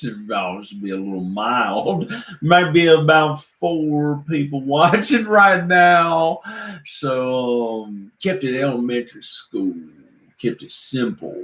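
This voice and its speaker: A man vlogging on a live stream, rambling in casual chat and chuckling at his own silly rhymes. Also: mid-range voice. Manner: rambling, laughs at own silly rhymes, slow sing-song chanting. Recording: roomy echo, faint background noise.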